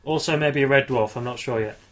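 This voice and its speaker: A man's voice: mid-range voice, fast. A man chatting casually as a podcast co-host, playful and bantering. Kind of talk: casual chat.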